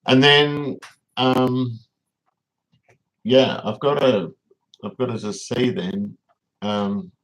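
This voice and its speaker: A man's voice: lowish voice, fairly bright tone, poor audio. An Australian man hosting a casual livestream, rambling and reading viewers' comments aloud as he answers them. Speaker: livestream host.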